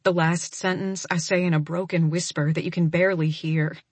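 A woman's voice: on the low side, steady tone, normal speed, husky, dry recording. A woman narrating a first-person romance audiobook in an intimate, emotional reading.

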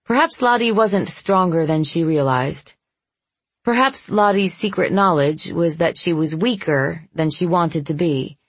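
A woman reads a first-person audiobook in a soft, intimate, measured voice. Her tone is husky and sits a little low, and the recording is close and dry, with no room sound. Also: no room sound. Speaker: audiobook narrator.

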